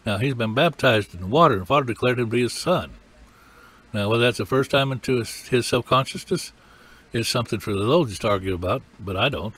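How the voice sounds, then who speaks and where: A man's voice: mid-range voice, quick pace, a bit bright, breathy edge. An older man teaching a sermon in a folksy, emphatic way. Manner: folksy, emphatic, acts out cries and quotes. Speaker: preacher.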